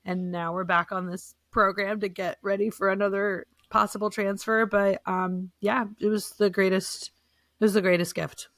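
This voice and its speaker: A woman's voice: medium pitch, flat delivery, moderate pace, a bit bright, no echo. Earnest talkative woman. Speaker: guest sharing her story. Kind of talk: casual chat.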